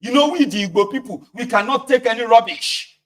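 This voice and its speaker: A Nigerian man voicing a hot-headed young male online agitator who shouts violent threats. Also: very high voice, lively intonation, brisk, pitched above the performer's own voice. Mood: belligerent. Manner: shouting, fired-up.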